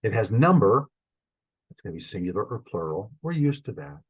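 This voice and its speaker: A man's voice: lowish voice, sing-song, fairly quick, breathy edge, rough recording. A man teaching a beginners' Greek class from a shared screen, explaining patiently and thinking aloud with frequent fillers. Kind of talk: recorded online lesson with screen sharing.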